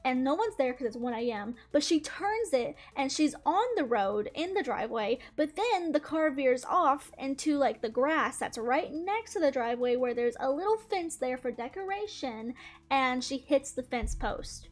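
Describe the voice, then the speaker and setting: Giggly high-voiced young woman rambling. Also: animated, normal speed, soft background music. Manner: rambling, many "like" fillers, giggly. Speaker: YouTuber. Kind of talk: casual storytime while drawing.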